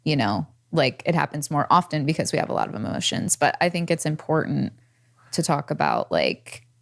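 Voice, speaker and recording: A woman co-hosting a podcast talks things through casually and raises questions. Her voice sits very low for a woman. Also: sing-song, normal speed, creaky. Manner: conversational, questioning. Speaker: podcast co-host.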